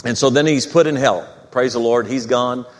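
Man, pastor, emphatic sermon, mid-pitched voice, long church reverb. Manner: emphatic preaching, slowing on key words. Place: church sanctuary.

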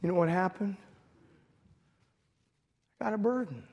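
A middle-aged man, a pastor, preaching a sermon and telling a personal story with emotion, at times rising to shouted prayer. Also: high-pitched, animated, unhurried, husky, dull audio. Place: church sanctuary. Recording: long hall reverb.

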